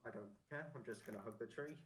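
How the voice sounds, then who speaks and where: A man's voice: medium pitch, fast talker, poor audio. A man playing a tabletop game over a voice call, joking around about his character. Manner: joking, playful. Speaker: player.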